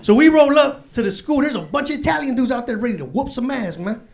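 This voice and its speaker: This Chicago comic has an extremely high voice with lively intonation, a quick pace and vocal fry. He delivers profane, slangy street stories during a stand-up set, recorded live in a club as the loud audience laughs.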